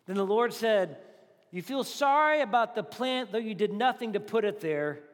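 A male pastor preaches to his congregation in a loose, talky way, acting out the lines he quotes. His voice sits very high for a man. The sound rings out with the long reverb of a large hall. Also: normal speed. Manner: conversational, animated preaching with acted-out quotes. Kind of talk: sermon.

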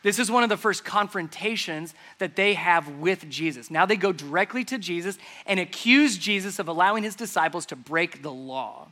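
A man delivers a sermon, walking through a scripture passage in a conversational, explaining way. His voice sits high and sounds bright and forceful. He keeps asking the listeners rhetorical questions. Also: lively intonation, normal speed, few pauses. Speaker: pastor.

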